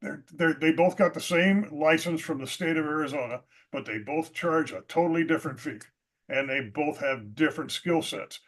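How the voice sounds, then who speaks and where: Animated man with a slightly high voice. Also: normal speed. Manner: animated, laughs often, self-assured. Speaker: guest real estate agent. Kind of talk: casual interview chat.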